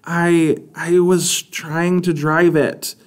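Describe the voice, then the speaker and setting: Man putting on a young girl's voice, remorseful, hesitant, stumbling, raised pitch. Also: level tone, drawn-out words, clean tone. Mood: apologetic. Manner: hesitant, apologetic. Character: remorseful young village girl.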